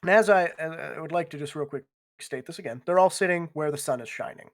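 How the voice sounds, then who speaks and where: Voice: medium pitch, fast. A game master narrating a tabletop game in a rambling, laid-back way with lots of fillers. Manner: rambling, filler-heavy, laughs often.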